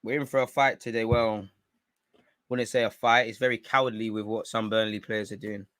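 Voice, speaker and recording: Male watchalong host, edgy bright tone, dry close sound, excitable, barks at players and the ref. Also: lowish voice, moderate pace, dry recording. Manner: excitable, swears, shouts at players and referee; talks while eating. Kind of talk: live match reaction commentary.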